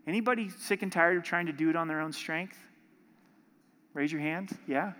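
A man preaching a sermon as pastor, impassioned and building to forceful emphasis. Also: a little high, moderate pace. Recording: long hall reverb.

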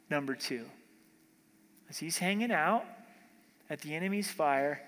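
A man's voice: on the high side, unhurried, pauses often, fairly bright tone, in a large hall. A man preaching a sermon as pastor in a conversational way, acting out dialogue with everyday examples. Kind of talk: expository sermon.

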